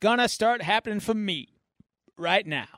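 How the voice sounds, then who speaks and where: Guy putting on a higher whiny voice for a sarcastic masked antihero, comic-book stuff. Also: lively intonation, moderate pace, a bit bright, no room sound, clean studio sound. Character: wisecracking masked male antihero, self-pitying.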